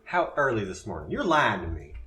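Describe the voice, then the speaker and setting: A man's voice: lowish voice, sing-song, a little fast, bright, forceful tone, faint music behind. A man voicing a nervous, earnest young man from the wilds in a tabletop game, hesitant and stumbling over his words. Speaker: player.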